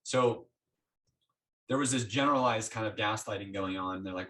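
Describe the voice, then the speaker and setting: Heard through a distant mic, a man with a lowish voice speaks at a moderate pace as an interview guest. He recounts his story in an animated, conversational way, performing the exchanges with his doctors.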